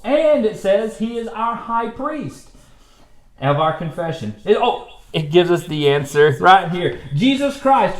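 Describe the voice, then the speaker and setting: A man teaching a playful children's Bible class, excited and goofy, laughing often. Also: a little high, echoey room. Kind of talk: playful kids' Bible lesson. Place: church classroom.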